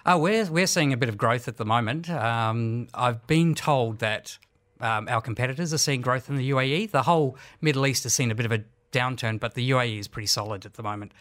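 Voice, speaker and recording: A bookstore manager with an Australian accent and a slight New Zealand tinge, answering interview questions hesitantly with many fillers. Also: male voice, medium pitch, a little fast, fairly bright tone, dry recording, studio quality.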